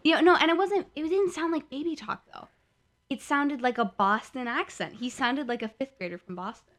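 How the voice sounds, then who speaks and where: A woman's voice: high-pitched, expressive, normal speed, fairly bright tone. A woman from the Midwest co-hosting a podcast, chatting and teasing with lots of "like". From Midwest US, Milwaukee. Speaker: podcast co-host. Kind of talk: casual podcast chat.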